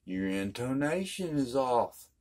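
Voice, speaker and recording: A man's voice: medium pitch, big pitch swings, slow pace, a little mellow. An older man giving a casual guitar lesson in a folksy, emphatic way, repeating his points. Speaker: guitar teacher.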